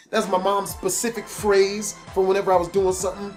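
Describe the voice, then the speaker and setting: A man telling a funny personal story for his vlog, animated and emphatic, swinging between loud outbursts and low mutters. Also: brisk, hardly any pauses, faint music behind. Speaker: storytelling vlogger.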